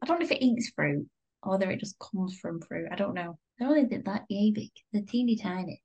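A woman's voice: medium pitch, lively intonation, fairly quick, darkish tone, breathy edge. A woman co-hosting a podcast in casual chat, wry and exasperated, with some laughter. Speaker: podcast co-host.

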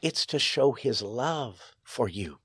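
Earnest pastor telling stories, close and dry. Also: male voice, mid-range voice, animated, slow pace, fairly bright tone, slightly rough, no echo. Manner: earnest, emphatic, rising sharply on key phrases. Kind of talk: storytelling interview.

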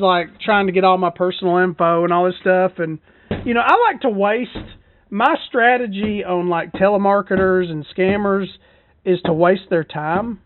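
A woman's voice: medium pitch, fairly even intonation, moderate pace, no echo. Woman rambling on a tinny line. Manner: rambling, profane, self-deprecating. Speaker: podcast host. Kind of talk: casual solo podcast chat. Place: parked truck in a parking lot. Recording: dry, tinny phone-like sound.

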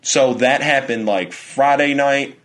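Young male podcast co-host, casual and profane, animated storyteller with a middle pitch. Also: slow. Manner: animated storytelling, heavy swearing; acts out quotes in a raised voice. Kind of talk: casual chat.

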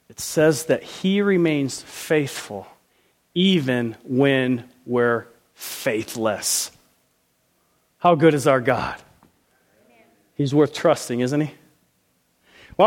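A male pastor preaching an earnest sermon at a live event and closing in prayer. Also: medium pitch. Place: live event in a barn venue.

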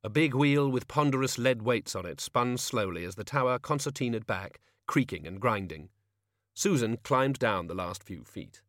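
A male audiobook narrator telling the story with wry expression and a lively, rolling rise and fall in his voice. His pitch sits in the middle range. The studio sound is dry and close, with no echo. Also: moderate pace. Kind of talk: scripted narration.

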